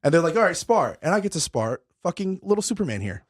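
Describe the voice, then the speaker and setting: Fast-talking, swearing young man, out of breath. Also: on the high side. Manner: animated storyteller, swears a lot. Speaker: podcast host. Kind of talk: casual chat.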